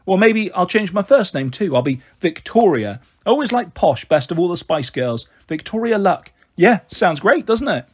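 A man puts on a harried young mother who keeps things light with brisk, wry remarks. The voice sits a little higher than a typical man's and has a husky grain to it. She sounds tired underneath the cheer. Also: sing-song, heavily acted. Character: weary, tearful young mother on the run. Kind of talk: audiobook character voice.

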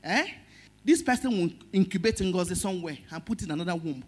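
Nigerian lady pastor preaching, husky voice, pitch jumping all over, gets loud then goes soft. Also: expressive, a little fast. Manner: emotional, swinging between loud stress and soft. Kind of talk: sermon.

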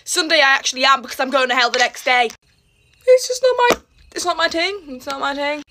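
A woman's voice: sits high, fast talker, noisy background. A teenage girl chatting while getting ready for school, dramatic and exasperated, laughing often. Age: teens. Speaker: vlogger. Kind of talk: get-ready-with-me vlog.

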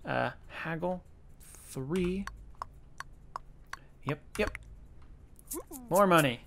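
A gaming YouTuber with a fairly high, bright voice and lively intonation speaks slowly, pausing often, over slight background noise. His let's-play commentary is casual, chatty and self-mocking, and he talks to the game's characters.

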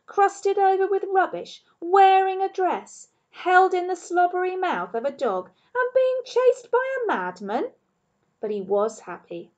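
A woman teacher reads a children's novel aloud, calm and expressive, pacing the story for young listeners. Her voice is fairly high. The recording is dull and muffled, like a low-quality home setup. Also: gravelly. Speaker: primary school teacher.

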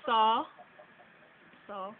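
Her voice on the high side with fairly even intonation and drawn-out words, a Jamaican vlogger reads a word list for an accent tag. She chats casually in her Jamaican accent about how she pronounces each one, laughing in between, and the recording is tinny and phone-like with faint noise.

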